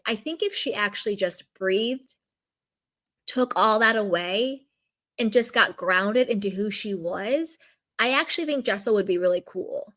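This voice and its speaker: A woman's voice: medium pitch, a bit bright. A woman commenting on a reality show in casual, candid speech, peppered with "like" and frank opinions. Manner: candid, opinionated, lots of "like" fillers.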